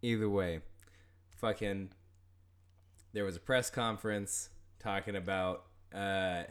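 Low-voiced swearing male co-host. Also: fairly even intonation, slow, fairly bright tone, clean tone. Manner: rambling, heavy swearing, laughs often. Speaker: podcast co-host. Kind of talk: casual podcast chat.

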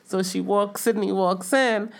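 A woman's voice: mid-range voice, steady tone, a little slow. A middle-aged American woman telling stories in casual conversation. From United States. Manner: chatty storyteller. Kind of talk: casual chat.

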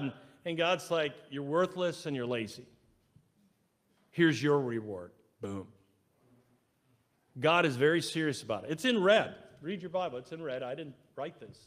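A man preaching a sermon in church, animated, acting out quoted voices and swinging between loud and soft. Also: a little high. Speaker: pastor. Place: church sanctuary.

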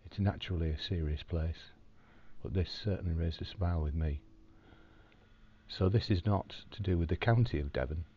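Deep-voiced man, wry diary. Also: moderate pace, husky, dull audio. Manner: calm, wry storytelling with dry humour. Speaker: video diarist in hospital recovery. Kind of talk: personal video diary. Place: hospital room.

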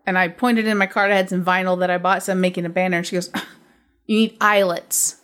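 A woman's voice: fairly low pitch, fairly even intonation, racing, fairly bright tone. Woman ranting bluntly on a podcast. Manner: blunt, profane ranting storyteller. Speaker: podcast host. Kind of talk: casual chat.

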